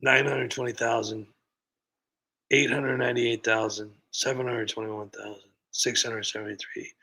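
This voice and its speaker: A man's voice: mid-range voice, level tone, normal speed, vocal fry, sharp tone, breathy edge. A man chatting casually on a livestream, telling a rambling sarcastic story. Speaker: streamer.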